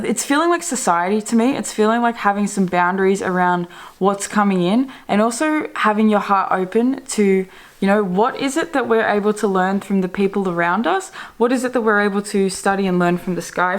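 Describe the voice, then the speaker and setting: A young woman giving a casual daily horoscope and tarot reading, rambling and chatty, swearing casually, laughing often and correcting herself mid-word. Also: medium pitch. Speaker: tarot reader and astrologer.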